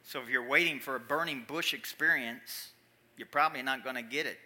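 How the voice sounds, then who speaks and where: A man preaching a sermon in church, animated, swinging from quiet asides to loud emphatic calls. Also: medium pitch, fairly quick. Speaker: pastor.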